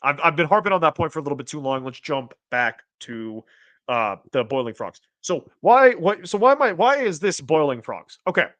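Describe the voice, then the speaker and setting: A man hosting a casual livestream, reading chat aloud and rambling, with restarts and sudden excited jumps in pitch. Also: moderate pace, dry recording. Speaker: streamer host reading chat.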